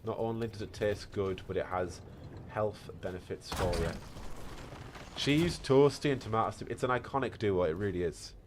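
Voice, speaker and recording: A man with a British accent chats loosely while he plays, answering viewers with a playful, rambling ease. His voice sits a little low. A faint hiss runs under the recording. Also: moderate pace. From Britain. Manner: chatty and playful, reading chat aloud. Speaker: streamer. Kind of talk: casual chat while gaming.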